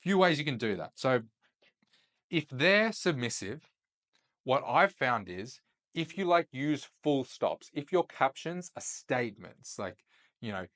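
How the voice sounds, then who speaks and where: A young man explains his tips in a loose, casual teaching style, often tacking "right?" onto his points. His voice sits at an ordinary middle pitch. He sounds like a host talking straight to his viewers. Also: lively intonation, unhurried, a bit bright. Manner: loose and chatty, checks in with "right?" after points. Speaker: host and chat-sales coach. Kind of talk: casual instructional talk to camera.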